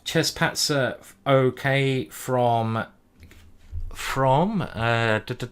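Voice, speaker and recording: A man streaming a simultaneous chess display, thinking aloud move by move in a hurried way and humming as he ponders. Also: medium pitch, fairly bright tone, smooth. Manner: hurried, juggling many boards. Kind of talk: live-stream chess commentary.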